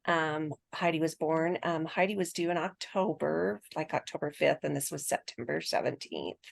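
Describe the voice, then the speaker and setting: A woman's voice: low voice, moderate pace, vocal fry. A woman in her sixties, a podcast guest, telling her birth story in a chatty way and laughing often.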